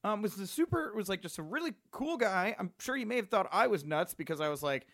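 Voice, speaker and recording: A man hosting a podcast, telling a story in a casual, excitable way and laughing often. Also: sits high, fairly quick, no room sound, studio quality. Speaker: podcast host.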